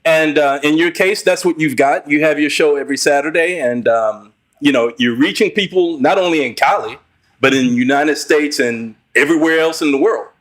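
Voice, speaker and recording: A man's voice: fairly high pitch, moderate pace, fairly bright tone. A man as a podcast guest in casual conversation, encouraging and leaning on fillers.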